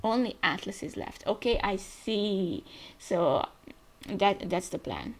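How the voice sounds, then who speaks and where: A woman hosting a casual manga reaction, reading panels aloud and thinking out loud as she goes. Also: mid-range voice, animated, takes it slowly. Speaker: manga reaction channel host.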